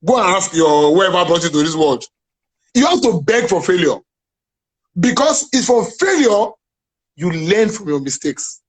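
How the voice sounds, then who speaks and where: A man's voice: high voice, sing-song, unhurried, husky, rough recording. A man with a Nigerian accent talking as an interview guest, emphatic and preachy, often checking that he is understood. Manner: emphatic, preachy, repeats "are you getting me now". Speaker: guest, playwright and businessman. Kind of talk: animated interview chat.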